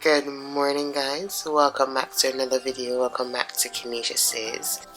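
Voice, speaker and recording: Jamaican lady vlogging, sick n raspy, chatty asides, faint music behind. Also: very deep voice, little pitch movement, normal speed, fairly bright tone, rough recording. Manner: chatty, talks to herself in asides. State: hoarse, sick with sore throat. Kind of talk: casual vlog chat to camera. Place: home office indoors.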